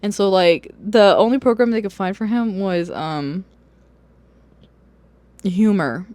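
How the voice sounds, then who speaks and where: A book vlogger speaks slowly in a medium-pitched, slightly mellow voice, with no room sound at all. Loose review chat, heavy on fillers, swearing and laughter, is picked up by a camera or phone on a wobbly stand.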